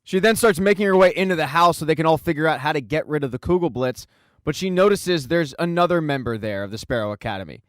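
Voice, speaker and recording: A man with a somewhat high voice narrates a scripted plot recap. He tells the story briskly, dropping in casual asides. The sound is dry and close, with no room around it. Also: animated, no echo. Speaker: recap video host.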